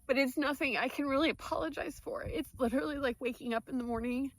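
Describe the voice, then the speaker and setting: Woman vlogger, sincere and direct with her followers, voice a bit high, dry recording. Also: quick pace, dry recording. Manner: heartfelt, earnest, speaking directly to followers. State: tearful. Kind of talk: emotional personal vlog.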